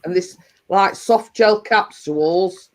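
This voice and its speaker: Slow, rambling woman chatting live. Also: fairly low pitch, rough recording. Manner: rambling, chatty, many restarts and fillers. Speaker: livestream host. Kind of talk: casual live chat to viewers.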